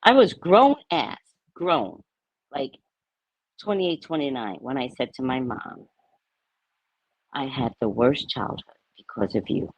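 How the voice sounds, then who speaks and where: A woman in her fifties with a low, husky voice talks bluntly and candidly, acting out the people in her stories. Her pitch rises and falls a lot as she goes, and the recording is dry and close. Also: takes it slowly, pauses often, no room sound, lo-fi sound. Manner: blunt, animated storytelling with frank swearing. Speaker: spiritual talk host. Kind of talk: candid spiritual monologue.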